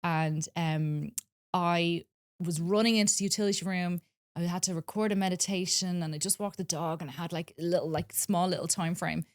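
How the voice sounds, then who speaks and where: A woman talking earnestly in a casual podcast chat, telling stories with many pauses and ums. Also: lowish voice, steady tone, no room sound, studio quality. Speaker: spiritual wellness guest.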